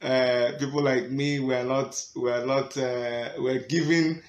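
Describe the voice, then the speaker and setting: A man's voice: medium pitch, fairly even intonation, slow pace. Middle-aged Nigerian man, mid-range voice, emphatic vlog rant, Pidgin-English mix, echoey room. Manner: emphatic, switches between Pidgin and English, chuckles often. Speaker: political party member.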